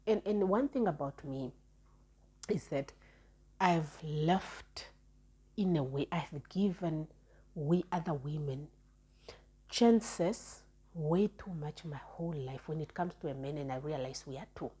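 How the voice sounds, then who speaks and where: A young woman, a storytime vlogger, tells a personal relationship story in a casual monologue, chatty and frank, often restarting and repeating words. Her voice is low and warm with a slight roughness, and she keeps a measured pace.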